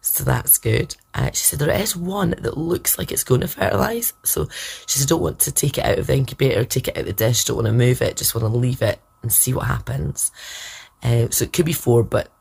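A woman's voice: extremely low pitch, a little fast, gravelly, darkish tone. A woman hosting a podcast gives a personal vlog update, talking in a hesitant, rambling way full of fillers. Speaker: podcast host sharing a personal journey.

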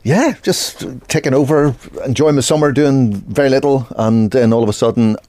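A man, a comedian, chatting as a guest in a radio interview, easygoing and relaxed. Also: mid-range voice, moderate pace.

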